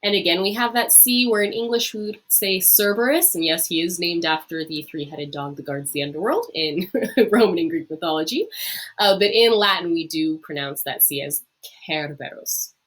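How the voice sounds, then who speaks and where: A woman teaching a recorded online lesson, pronouncing phrases slowly for learners to repeat and explaining them in a friendly way with some fillers. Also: fairly low pitch, fairly bright tone. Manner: slow, drawn-out modelling of phrases to repeat. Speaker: Latin teacher.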